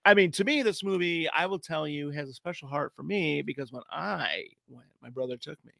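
A man co-hosting a podcast, chatting casually about a movie, animated and laughing often. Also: on the high side, brisk, creaky, no echo, studio quality. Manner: animated, laughs often, puts on silly voices. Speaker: podcast co-host.

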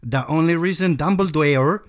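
A man's voice: a little high, background noise, voice pushed up, close to an everyday voice. Man doing a whiny teen fanfic author. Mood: petulant. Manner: slow, petulant, drawn-out delivery. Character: whiny teenage girl fanfic author scolding readers. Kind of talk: comic reading of an author's note.

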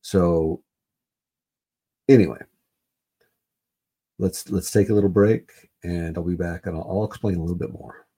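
A man's voice: low voice, steady tone, unhurried, long pauses, dark tone, breathy edge. A man hosting a solo podcast, rambling and swearing, repeating himself with lots of fillers. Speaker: podcast host. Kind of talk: casual solo sports podcast rant.

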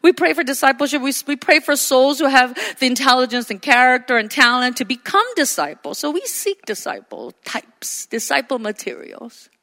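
High, bright-voiced woman preaching. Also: expressive, normal speed, hardly any pauses. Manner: impassioned, repeats phrases for emphasis. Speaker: pastor. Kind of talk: sermon. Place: church sanctuary. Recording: long reverb of a church hall.

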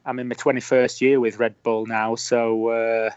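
A man's voice: mid-range voice, flat delivery, moderate pace, darkish tone, clean tone, no room sound. Yorkshire man, interview guest, dull dry call line. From Yorkshire, England. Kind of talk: casual interview. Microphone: remote call.

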